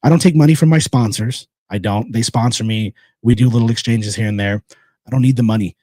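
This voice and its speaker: Man, podcast host, blunt and rambling, dry close sound, mid-pitched voice. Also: fairly quick, no room sound. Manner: blunt and rambling, with repeated phrases and sponsor shout-outs. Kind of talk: casual solo podcast monologue.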